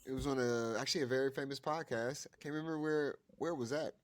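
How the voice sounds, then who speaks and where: A man's voice: medium pitch, fast talker. A man co-hosting a podcast in casual chat, telling a story loosely and laughing along with his partner. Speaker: podcast co-host.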